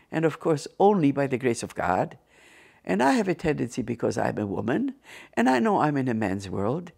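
Older woman with a gravelly voice. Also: a bass voice. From Ukraine. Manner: animated, acts out the voices of people in her stories. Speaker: interview guest. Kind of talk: personal testimony storytelling.

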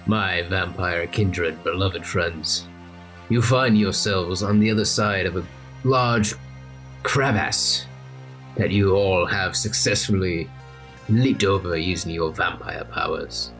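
A man's voice: low voice, a little slow, faint music behind. A man narrating a tabletop game as game master, playful and joking. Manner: playful, deadpan jokes.

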